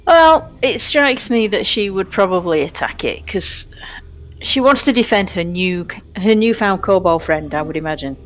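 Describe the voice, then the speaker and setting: A woman's voice: medium pitch, expressive, normal speed. Woman player thinking aloud at the table. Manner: thinks aloud with fillers, casual. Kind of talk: playing a tabletop game.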